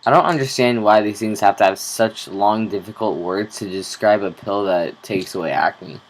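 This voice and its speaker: A young man talking slowly in a rambling, casual video diary, swearing offhandedly. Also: on the low side, a little hiss or hum, low-quality recording. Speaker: vlogger.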